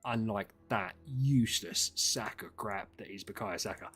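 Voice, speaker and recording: A young man chatting casually on a livestream, ranting in an animated way and swearing freely. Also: mid-range voice, normal speed, husky, soft background music. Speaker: streamer.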